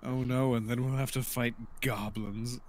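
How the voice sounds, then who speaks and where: A man at mid pitch plays a tabletop game and trades dry, theatrical quips in casual chat. His jokes come out with a mock-grand air. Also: fairly even intonation, unhurried. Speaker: player.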